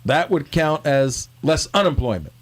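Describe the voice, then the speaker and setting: A man's voice: fairly high pitch, animated, measured pace. A man playing a confused comedian in a double-act sketch, firing bewildered questions. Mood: baffled. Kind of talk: reading a comedy sketch script.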